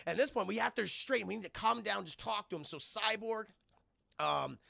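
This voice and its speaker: Lively high-voiced male streamer. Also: fairly quick, gravelly, no room sound, studio quality. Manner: animated, profane, laughs often, acts out characters. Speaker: film reviewer and streamer. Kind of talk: casual spoiler review with live chat.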